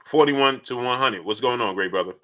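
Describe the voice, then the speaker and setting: A man hosting a casual live stream, shouting out viewers by name and repeating his points in an animated way. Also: medium pitch, a little fast. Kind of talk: casual live-stream chat reading super chats.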